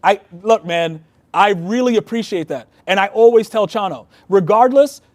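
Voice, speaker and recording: A man's voice: high voice, animated, moderate pace, no room sound. A man, a Freemason and past master, earnestly telling heartfelt stories in a casual conversation.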